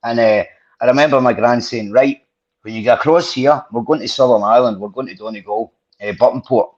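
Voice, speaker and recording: A man's voice: medium pitch, a little fast. A man hosting a podcast, telling rambling, sweary stories with plenty of restarts. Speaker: podcast host. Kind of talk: casual storytelling chat. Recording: dull lo-fi podcast audio.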